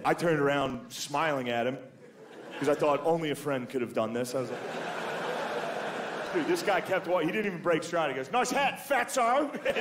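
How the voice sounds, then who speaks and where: Brief: male stand-up comic, mid-pitched, profane and self-deprecating, rambling club set with a noisy background. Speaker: stand-up comedian. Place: comedy club stage.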